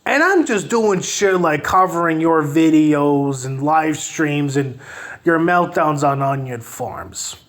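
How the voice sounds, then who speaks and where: Guy on a live stream taunting someone, sarcastic, pretty high-pitched voice. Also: expressive, takes it slowly, fairly bright tone. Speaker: online commentator. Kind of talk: casual live-stream commentary.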